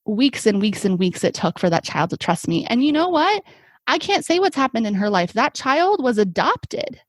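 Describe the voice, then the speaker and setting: In a conversational podcast interview, an occupational therapist in her young adult years shares stories earnestly and reflectively, filling her speech with many fillers. She has a mid-range voice, and the recording has no echo.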